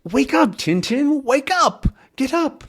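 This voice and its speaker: A man voicing a small, excitable white dog from a comic, in a high, fretful, exclaiming voice. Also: slow pace, heavily acted. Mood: urgent.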